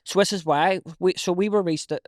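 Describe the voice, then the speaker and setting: A man's voice: sits high, fairly quick, no echo, studio quality. A man with a West Belfast accent chatting casually on a podcast, calling the other man mate. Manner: chatty, says mate a lot. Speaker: podcast host. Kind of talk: casual chat.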